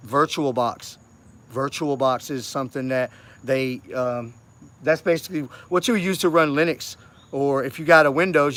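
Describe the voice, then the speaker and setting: A man's voice: medium pitch, fairly bright tone. A man talking in a rambling, repetitive monologue that grows urgent and insistent. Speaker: vlogger. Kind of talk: casual monologue to camera.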